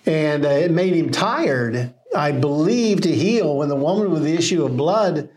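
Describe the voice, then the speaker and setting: A man co-hosting a casual Bible discussion, telling stories in a relaxed way with easy laughs. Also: a little high, measured pace. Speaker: co-host of a Bible study podcast.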